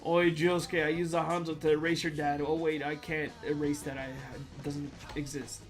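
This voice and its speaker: A man with a somewhat high voice reads viewer jokes on a livestream. His delivery is loud, goofy and joking. Music plays clearly in the background. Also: level tone, moderate pace. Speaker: streamer reading viewer jokes. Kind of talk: comedic reading on a livestream. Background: music playing.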